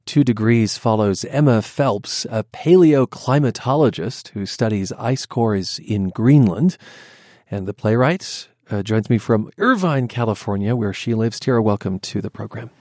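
A man hosting a program, introducing his guest and asking probing questions in a measured way. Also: on the low side, animated, a little mellow, no echo, clean studio sound. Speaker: radio host. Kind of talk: interview.

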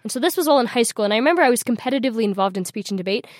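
Young woman guest, higher voice, dry close sound, bubbly, laughing storyteller. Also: very fast, no room sound. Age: young adult. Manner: bubbly, laughing, animated retelling. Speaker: interview guest, scholarship winner. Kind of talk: casual storytelling in interview.

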